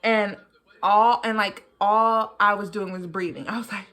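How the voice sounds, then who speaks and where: A young woman vlogger telling a personal story casually, jumping high in pitch to act out what people said. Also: a little slow. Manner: animated, jumps high in pitch when acting out what people said.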